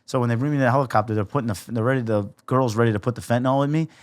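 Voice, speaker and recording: A young man, a podcast guest, telling a story in a casual, profane, animated way and acting out the quotes. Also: mid-range voice, very fast, dry recording.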